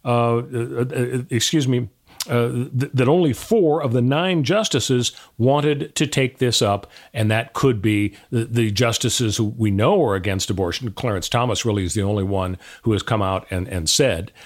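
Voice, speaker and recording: A man's voice: medium pitch, moderate pace. A man co-hosting a legal talk podcast, laying out options step by step with many "uh" fillers. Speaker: podcast co-host, lawyer. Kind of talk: casual legal discussion.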